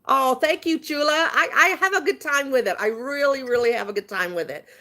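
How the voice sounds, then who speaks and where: Lady chatting on a livestream, animated storyteller, laughs a lot. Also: high-pitched, fairly quick. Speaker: vlogger.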